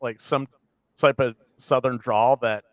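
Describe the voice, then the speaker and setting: A man from the American Midwest co-hosting a casual podcast chat, talking in animated, ranting bursts with a self-deprecating streak. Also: medium pitch, a little slow, no room sound. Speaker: podcast co-host.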